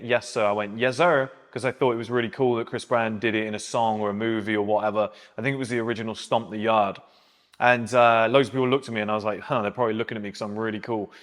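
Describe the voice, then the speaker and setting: A man's voice: medium pitch, a bit bright. A man talks bluntly and directly to his viewers, laying out firm rules in a plain, mid-range voice. The recording carries a long, ringing reverb, as if he is speaking in a large, bare room. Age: 30s. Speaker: men's self-improvement channel host. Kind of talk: advice monologue to camera.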